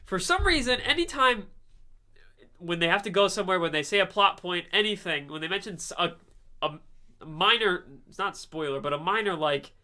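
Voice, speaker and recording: A man's voice: high-pitched, expressive, normal speed, pushed and bright. A young man co-hosting a podcast, chatting casually about an anime, laughing and swearing as he mimics characters. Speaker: podcast co-host. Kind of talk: casual anime review chat.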